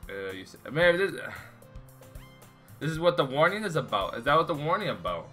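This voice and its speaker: With faint music in the background, a young man streaming a game talks fairly quickly in a slightly bright, higher voice that swings widely in pitch. His casual commentary to viewers and friends is rambling and full of exasperated swearing.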